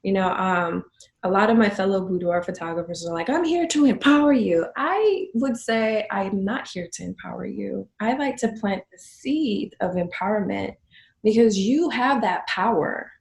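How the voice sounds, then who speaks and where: A woman's voice: mid-range voice, moderate pace, vocal fry, reverberant. Woman telling client stories. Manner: warm storytelling, acts out clients' lines. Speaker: guest, photography business owner. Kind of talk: conversational interview.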